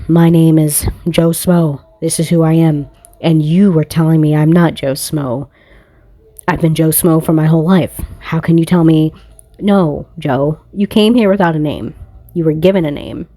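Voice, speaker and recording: A woman's voice: sits low, steady tone, moderate pace, mellow, no room sound. A woman reading tarot cards in a casual monologue recorded on a phone, blunt, profane and confrontational. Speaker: tarot reader.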